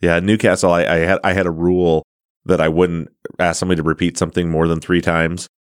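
A man's voice: sits low, level tone, fast talker, clear, resonant tone, no room sound, studio quality. A man hosting a casual interview, easygoing and self-deprecating, laughing often. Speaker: podcast host.

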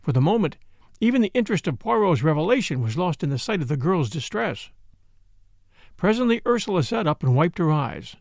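A man giving measured, scripted narration as an audiobook narrator. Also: fairly high pitch, sing-song, a little mellow, no echo, clean studio sound. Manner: measured storytelling.

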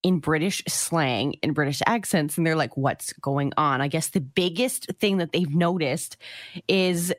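A woman's voice: deep voice, a little slow, dry recording. A woman co-hosting a radio show in casual banter, laughing often mid-sentence, on a close studio mic. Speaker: radio co-host.

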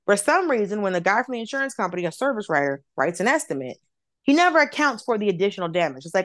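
Comedian woman from Atlanta, mid-pitched, swears freely, dry close mic. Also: fast, no echo. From Atlanta, United States. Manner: animated, profane, acts out voices of others. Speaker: comedian guest. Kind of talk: casual storytelling.

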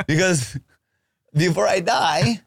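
A man's voice: high-pitched, takes it slowly, creaky, no echo, studio quality. A man co-hosting a podcast, telling a rambling comic story with swearing and playful put-on voices. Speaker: podcast co-host. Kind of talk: casual comedic podcast chat.

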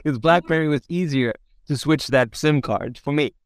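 A man hosting a casual interview, relaxed and swearing a little. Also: a little high, normal speed, smooth, no room sound, studio quality. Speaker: podcast host.

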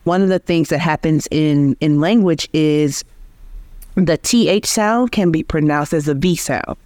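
A woman from Georgia, a linguistics researcher, explaining speech sounds in a measured, teacherly way as an interview guest. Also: low-pitched, a little mellow, no room sound, studio quality. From Georgia, USA. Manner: measured, teacherly, restarts phrases.

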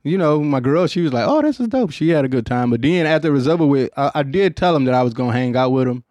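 A man's voice: medium pitch, fast talker, darkish tone, dry recording. A middle-aged man hosting a podcast, telling stories in a rambling, profane, laid-back way with a Detroit accent. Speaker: podcast host. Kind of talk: casual storytelling chat.

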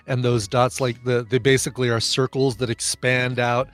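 A man's voice: mid-range voice, little pitch movement, moderate pace, a bit bright, no echo, faint music behind. A man co-hosting a casual podcast, rambling and jokey and trailing off into fillers. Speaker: podcast co-host.

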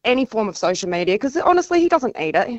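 A woman's voice: a little high, very animated, fast, no echo. A woman calling a radio show, speaking emphatically and with indignation about her daughter. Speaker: caller. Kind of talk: phone-in opinion. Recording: muffled phone line.

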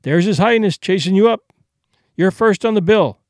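A man's voice: high-pitched, normal speed, no room sound, studio quality, lightly acted. A man voicing a brash young male vaudeville tramp comic who talks in boastful, breezy slang.

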